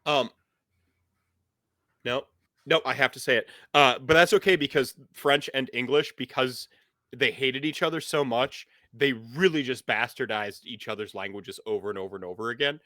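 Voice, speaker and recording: A man's voice: mid-range voice, normal speed, sharp tone, no echo, studio quality. A man as game master, chatting in a rambling way with many fillers, then narrating a scene. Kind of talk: casual chat and game narration.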